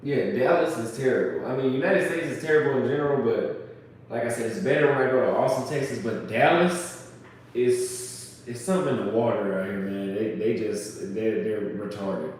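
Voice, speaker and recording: A man's voice: mid-range voice, moderate pace, a little mellow, a little hiss or hum. A man talking casually and bluntly, rambling and crude, mocking others by quoting them in put-on voices. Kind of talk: casual chat. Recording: echoey room, voice from far off.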